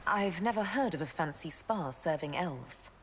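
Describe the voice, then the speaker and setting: A woman's voice: on the low side, animated, moderate pace, a little hiss or hum, close to an everyday voice. An actress voicing a young elf woman leader in a video game, speaking in a dry, wry way.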